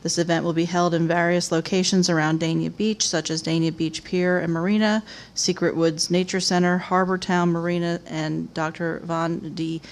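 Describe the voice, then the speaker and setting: Flat, steady woman chairing a meeting. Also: lowish voice, normal speed, few pauses. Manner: steady, even reading of formal text. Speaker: city commission mayor chairing meeting. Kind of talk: reading agenda items and proclamation aloud. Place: city commission chamber.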